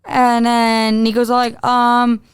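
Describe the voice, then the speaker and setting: A woman co-hosting a casual podcast, telling a story in an animated way with lots of fillers and playful teasing. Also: a little high, normal speed, smooth. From Mexican-American. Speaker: podcast co-host.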